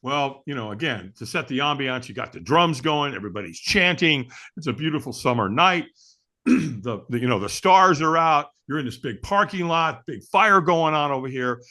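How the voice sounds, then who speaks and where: Bright, lively male storyteller. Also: mid-range voice, moderate pace. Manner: lively, acts out quotes, many restarts. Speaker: guest, firewalk instructor. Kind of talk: animated personal storytelling.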